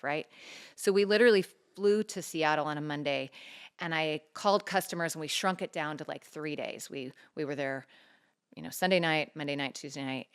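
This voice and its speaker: A woman's voice: sits low, clear, resonant tone. A middle-aged woman co-hosting a talk show, telling a personal story earnestly and acting out the dialogue as she goes. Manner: earnest, animated retelling with quoted dialogue. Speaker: podcast co-host. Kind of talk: personal storytelling, casual chat.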